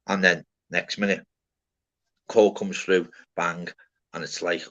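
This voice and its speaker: A low-voiced man chatting casually. He swears nonstop, rambles, and peppers everything with lad and mate. The audio is a touch dull and lo-fi. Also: level tone, slow pace, a bit bright. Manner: swears constantly, rambling and blunt. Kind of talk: casual chat.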